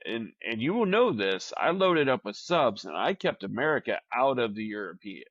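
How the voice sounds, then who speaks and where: A man co-hosting a podcast in relaxed, agreeable casual chat. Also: medium pitch, normal speed, no room sound. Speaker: podcast co-host. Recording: dull lo-fi sound.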